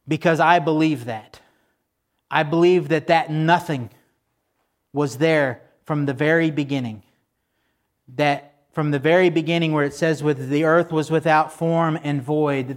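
A man preaching a sermon in a conversational way, turning to the congregation with asides and slowing down to stress the scripture he quotes. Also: fairly high pitch. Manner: slows down for emphasis when quoting scripture. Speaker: pastor.

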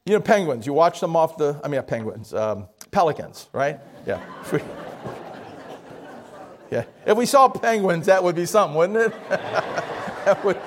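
A man's voice: fairly high pitch, lively intonation, moderate pace, pauses often, a faint crowd. Conversational man preaching a sermon. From Miami area, Florida. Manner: conversational, asks the congregation questions, self-corrects.

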